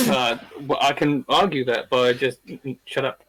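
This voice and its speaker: A man's voice: mid-range voice, a bit bright, poor audio. A dungeon master joining a stream over a video call, chatting casually with a playful, teasing edge. He is a man with a mid-range voice. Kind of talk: casual chat.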